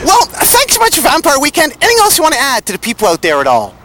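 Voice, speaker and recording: High, lively-voiced joking interviewer man. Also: fast talker, slight background noise. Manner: jokey, animated questioning. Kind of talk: playful band interview.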